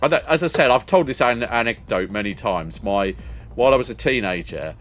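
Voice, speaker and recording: A man's voice: medium pitch, animated, brisk, fairly bright tone. An older man, chatting casually with viewers as a streamer, rambling and laughing often. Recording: faint music behind.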